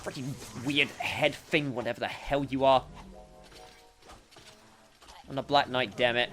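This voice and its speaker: A man's voice: medium pitch, steady tone, unhurried, pauses often, bright, forceful tone. A man giving casual let's-play commentary while he plays, rambling and full of fillers. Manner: rambling, filler-heavy, self-interrupting. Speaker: gameplay commentator.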